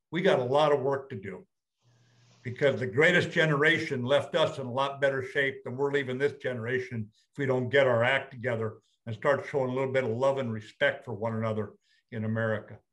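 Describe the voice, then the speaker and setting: An older man, a retired general, telling a story to an audience in a plain-spoken, blunt way and slowing down to stress his points. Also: medium pitch, fairly bright tone. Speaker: retired general, guest speaker.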